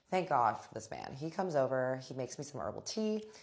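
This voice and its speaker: A young woman tells a personal story straight to her viewers. Her voice sits very low for a woman. She is chatty and animated, and she acts out what others said without changing her voice much. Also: moderate pace, vocal fry. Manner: animated, acts out quoted friends in her own voice, frequent "like". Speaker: storytime vlogger. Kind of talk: casual storytelling.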